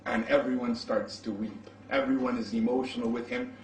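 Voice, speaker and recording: A man preaching in the style of a storytelling sermon, animated as he acts out the dialogue. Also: medium pitch, fairly quick, distant mic, slight background noise. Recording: roomy echo from off-mic.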